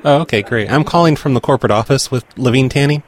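Speaking quickly at a medium pitch, this man makes prank calls and chats with his audience in between. On the calls he pretends to be from a corporate office, sounding dry and mock-official, in what amounts to prank call commentary.

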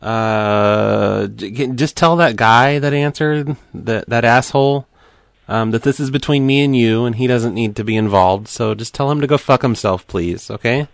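A man speaks in a flat, innocent tone as he needles strangers on a prank call. His voice is at a middle pitch and sounds dry and close, with no room around it. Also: normal speed, vocal fry, no room sound. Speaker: prank caller.

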